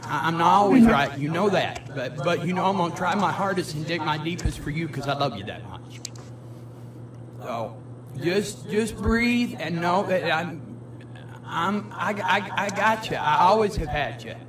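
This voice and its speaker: Rambling, teary-laughing man mentor, a touch high-voiced, recorded far off with crowd chatter. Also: animated, measured pace. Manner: rambling, stammering, laughing often. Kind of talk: emotional personal conversation. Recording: distant mic with crowd noise.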